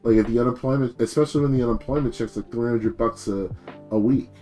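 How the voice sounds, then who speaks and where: A man's voice: mid-range voice, fast talker, dark tone, soft background music. A man streaming as a VTuber, ranting in a casual, rambling way and swearing freely while telling stories on himself. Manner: rambling, profane, self-deprecating.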